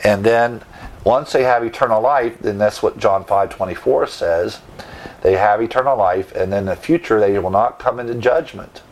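A man's voice: lowish voice, normal speed. A man preaching a sermon, teaching verse by verse with emphatic asides and rhetorical questions. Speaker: pastor.

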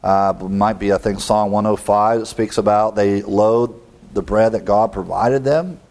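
A male preacher giving a verse-by-verse Bible teaching, reading passages aloud quickly and asking the listeners rhetorical questions in a conversational way. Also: lowish voice, fairly even intonation, a little mellow. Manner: reads scripture aloud quickly.

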